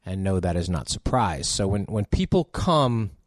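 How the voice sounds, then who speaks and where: A man hosting a dating podcast on his own, chatty and animated, with jokey asides. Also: sits low, normal speed, dry recording, studio quality. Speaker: podcast host. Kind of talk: solo podcast monologue.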